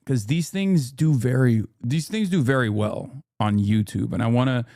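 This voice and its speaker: A man in his thirties talks casually on a live stream, rambling with restarts and fillers as he reads viewer comments aloud. His mid-range voice is dark in tone at a moderate pace, recorded with studio quality and no room sound.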